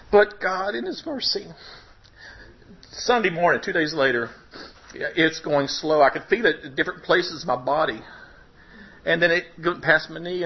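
A man telling his personal faith testimony to a congregation, emotional, his voice rising and breaking at the high points. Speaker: preacher giving testimony. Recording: dull lo-fi recording.

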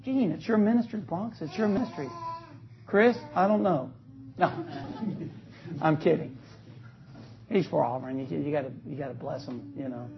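A man preaching an energetic sermon in a church, joking with the congregation and calling for responses. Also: on the high side, unhurried, creaky, long pauses, a little hiss or hum. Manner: calls out to the congregation, joking, rising to loud exclamations. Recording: dull lo-fi recording.

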